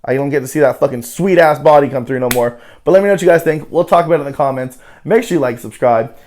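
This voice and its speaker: A man's voice: a little high, fast talker, darkish tone, a little hiss or hum. A man hosting a casual reality-TV recap show, talking loosely with plenty of swearing and filler words. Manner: loose, profane, heavy on "you know" fillers.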